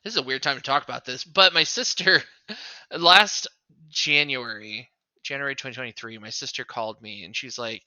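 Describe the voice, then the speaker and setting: A man's voice: medium pitch, fairly quick, sharp tone, dry recording, muffled recording. A man co-hosting a podcast in casual chat, rambling with lots of fillers. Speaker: podcast co-host.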